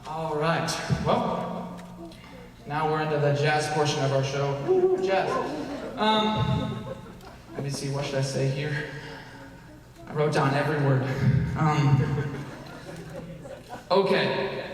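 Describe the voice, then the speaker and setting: A man's voice: fairly high pitch, little pitch movement, slow pace, long pauses, far from the mic. A young man, the singer and bandleader, chatting and joking with a live audience between songs in a rambling, self-deprecating way. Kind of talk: on-stage banter between songs. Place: concert hall at a country club, live audience. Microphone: stage microphone. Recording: live concert recording, echoey hall, band playing.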